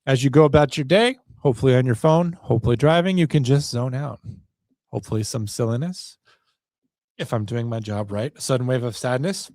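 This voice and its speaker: Male podcast host, rambling solo talk, self-mocking, mid-pitched voice, dry close sound. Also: a little fast, darkish tone, dry recording. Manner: self-deprecating, wry and meandering.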